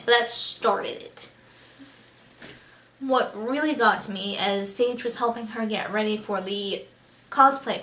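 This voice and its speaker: Woman book vlogger, chatty and effusive, slightly high voice, echoey room. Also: fairly bright tone. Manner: gushing, chatty, heavy on "like" and "just". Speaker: book reviewer. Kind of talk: casual book review vlog.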